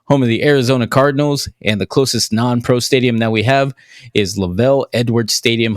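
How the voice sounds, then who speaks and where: A man's voice: medium pitch, dry recording. An American man co-hosting a casual podcast, reading off facts and numbers with wry asides. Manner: reads off facts and figures with dry jokes. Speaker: podcast co-host. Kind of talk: casual chat.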